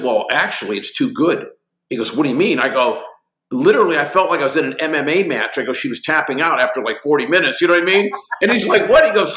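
Animated storyteller man in his sixties, bright voice. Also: fairly high pitch, roomy sound. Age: 60s. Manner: lively anecdotes acting out both sides of conversations. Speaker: guest, company executive.

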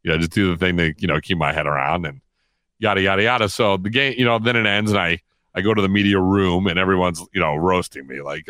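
A middle-aged man spins a long anecdote. His voice sits very low and comes across bright and forceful, and he laughs and acts out quotes along the way. The sound is close and dry. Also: quick pace, no echo. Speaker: guest storyteller. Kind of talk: casual storytelling.

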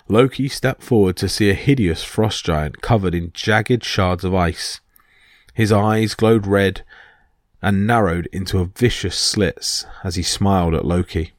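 A man narrating myth stories in a steady, vivid storytelling manner. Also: deep voice, measured pace, no echo, clean studio sound.

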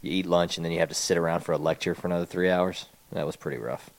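A young adult man co-hosting a podcast in casual chat, telling rambling, animated stories. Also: low-pitched, fast talker. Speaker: podcast co-host.

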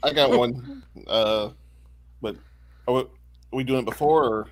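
Podcast guy tossing in dry little jokes, middle-pitched ordinary voice. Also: measured pace. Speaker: podcast co-host. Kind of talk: casual chat.

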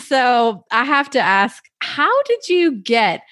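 A woman's voice: fairly high pitch, sing-song, slow, fairly bright tone, dry recording. New lady hosting a podcast, takes her time, dry close sound, upbeat. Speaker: podcast host. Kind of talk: podcast interview.

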